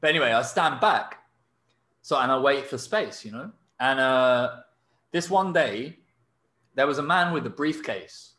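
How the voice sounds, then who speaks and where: Animated man telling a story. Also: mid-range voice, measured pace, reverberant. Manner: animated storyteller, many fillers and laughs. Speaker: podcast host. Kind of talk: casual chat.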